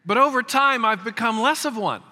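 A man's voice: very high-pitched, expressive, normal speed, pushed and bright. A man in his fifties preaching a sermon as a pastor, emphatic and prone to repeating words as he starts a phrase. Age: 50s. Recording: long hall reverb.

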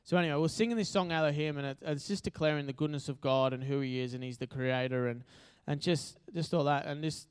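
A man's voice: on the high side, quick pace, few pauses, clear, resonant tone. An Australian man giving a casual, chatty sermon at church, joking and using lots of fillers. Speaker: preacher. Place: church hall.

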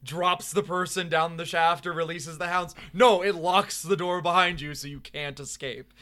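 A man co-hosting a podcast, chatting casually and riffing animated, profane jokes. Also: a little high, normal speed. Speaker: podcast co-host. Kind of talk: casual chat.

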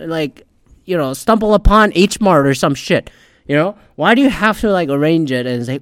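A man's voice: on the high side, animated, a little fast, smooth, dry recording, studio quality. Rambling, sarcastic, foul-mouthed man. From Asian heritage. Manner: rambling, sarcastic, swears constantly. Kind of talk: casual profane commentary.

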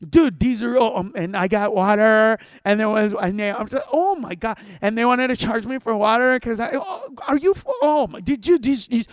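A man's voice: sits high, moderate pace, hardly any pauses, no room sound, clean studio sound. A man who is a stand-up comedian, ranting in casual podcast chat, full of swearing. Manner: profane, animated ranting.

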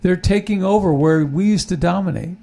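A man's voice: high-pitched, fairly quick, mellow. A man hosting a talk show, chatting casually and opinionatedly about politics, rambling with many restarts. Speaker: podcast host.

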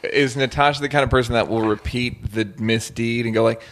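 A man's voice: mid-range voice, fairly even intonation, fairly quick, hardly any pauses. Podcast co-host guy, riffing and teasing, loose banter. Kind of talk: casual chat.

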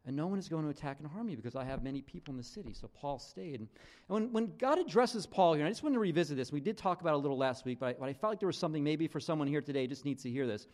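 Animated conversational male pastor preaching. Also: sits high. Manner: conversational and animated, many restarts and "right?" asides. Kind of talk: sermon.

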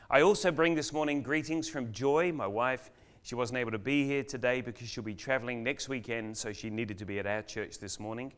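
Older man preaching with hushed storytelling. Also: medium pitch, clean tone. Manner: storytelling with dramatic pauses, swings between loud and hushed. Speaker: guest preacher. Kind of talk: sermon. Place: church.

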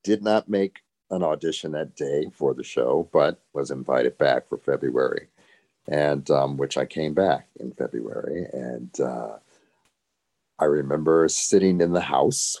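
A man's voice: a bass voice, measured pace, a little mellow. An older man, a former show dancer, telling stories in an interview with a chuckling, reflective way of talking. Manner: reflective, chuckling, frequent "you know". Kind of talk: storytelling in an interview.

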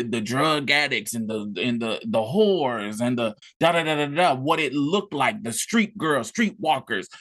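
A man's voice: mid-range voice, fairly bright tone. A man from rural Mississippi, telling a personal story in an intense, profane, emotional way. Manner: intense, profane, tearful at times. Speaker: podcast co-host.

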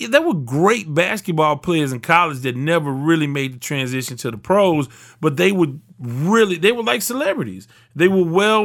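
Middle-aged male sports podcast host, slightly high voice, rambling solo monologue with lots of asides. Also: a bit bright. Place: recorded in Houston, Texas.

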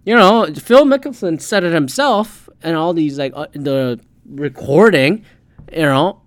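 A man's voice: on the high side, animated, a little slow, no room sound. A man hosting a podcast, ranting heatedly in casual solo commentary and swearing often. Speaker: podcast host.

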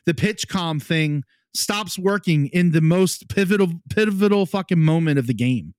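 A man's voice: fairly high pitch, lively intonation, moderate pace, clear, resonant tone, no room sound, studio quality. A man, co-hosting a podcast and chatting casually and profanely about the game as he watches it, rambling with lots of fillers. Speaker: podcast co-host.

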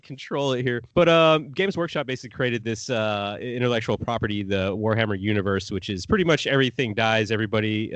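A man in his forties with a low voice, a guest on a casual podcast, speaking in a laid-back, halting way full of fillers. He has the hiccups, and his voice sounds dry and close with no room. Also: dry recording, muffled recording.

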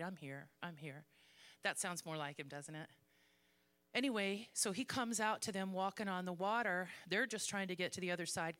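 A woman's voice: medium pitch, fairly bright tone. A woman preaching a conversational, self-mocking sermon in church and reading scripture aloud. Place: church sanctuary.

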